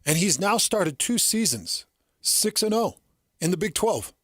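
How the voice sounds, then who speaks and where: A man's voice: high-pitched, big pitch swings, a little slow, no room sound, studio quality. A middle-aged man hosting sports radio, telling stories in an earnest, emphatic way.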